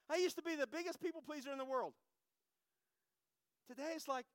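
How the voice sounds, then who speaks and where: A middle-aged man, preaching a personal testimony, swinging from hushed to loud and repeating phrases. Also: extremely high pitch, a little fast, long pauses, no room sound. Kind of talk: sermon testimony.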